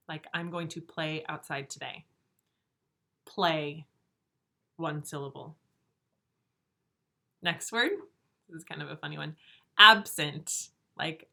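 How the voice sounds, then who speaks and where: A woman teaching first graders in a recorded video lesson, speaking slowly and clearly, stretching words out and asking patient, encouraging questions. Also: sits low, sharp tone. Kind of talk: remote video lesson for young children.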